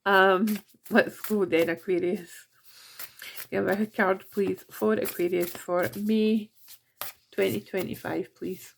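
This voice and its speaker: A woman's voice: mid-range voice, fairly even intonation, slow pace, gravelly, slight background noise. A Scottish woman giving a casual monthly tarot reading, chatty and self-mocking with giggly asides. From Scotland. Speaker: tarot reader.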